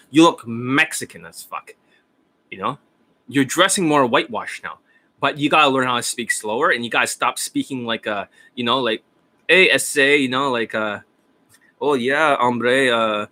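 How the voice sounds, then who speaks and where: Bright-voiced, profane dating coach, rambling. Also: male voice, medium pitch. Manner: rambling, profane, often laughing. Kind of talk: casual rambling livestream talk.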